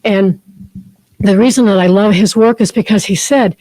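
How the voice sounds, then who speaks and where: A woman's voice: medium pitch, moderate pace, mellow, dry recording, poor audio. Heartfelt woman giving a rambling spiritual talk. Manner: heartfelt, rambling storytelling with many fillers. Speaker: guest speaker, therapist and spiritual teacher. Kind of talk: personal spiritual talk to a group. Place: chapel.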